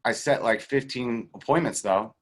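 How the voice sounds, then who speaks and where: A man being interviewed as a sales coach, teaching in a casual, animated way and acting out the voices of the people in his stories. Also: mid-range voice, normal speed. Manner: animated storyteller who acts out quoted voices; swears casually and laughs between points. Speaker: guest real estate sales coach.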